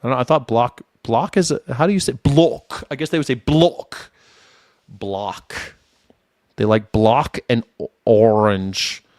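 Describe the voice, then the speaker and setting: A man's voice: mid-range voice, animated, normal speed, darkish tone, dry recording, studio quality. A man in his forties hosting a casual livestream, rambling commentary that trails off, repeats words and laughs often. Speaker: independent news and culture commentator.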